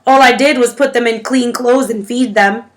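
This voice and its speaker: A woman's voice: a little high, steady tone, normal speed, natural voice. A woman reading a story aloud, voicing a reserved guardian woman with a dry, matter-of-fact manner.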